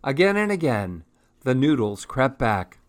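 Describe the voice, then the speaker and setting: Slow, lively male storyteller. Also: medium pitch. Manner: gentle, expressive read-aloud. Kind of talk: reading a picture book aloud.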